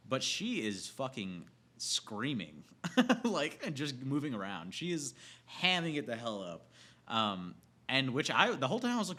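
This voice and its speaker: A man with a bright, sharp-edged voice rants casually about a movie. He rambles, swears freely and keeps cracking himself up. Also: mid-range voice, wildly swooping pitch, measured pace. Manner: profane, rambling, laughs often. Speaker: movie reviewer. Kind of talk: casual film rant.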